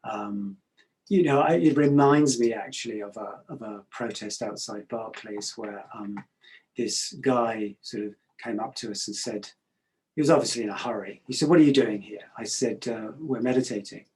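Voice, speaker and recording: A middle-aged man giving a reflective talk, calm and measured, pausing often with hesitations. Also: on the low side, rough recording.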